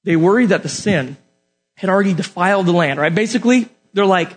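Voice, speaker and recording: A man's voice: high voice, expressive, fairly quick, husky, faint music behind. A man preaching a sermon in a casual, joking way, talking straight to his listeners.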